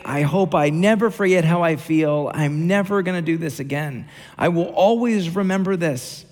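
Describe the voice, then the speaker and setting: Male pastor, 30s, humorous sermon storyteller, gravelly voice, long room reverb. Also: mid-range voice. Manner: humorous storytelling, self-deprecating.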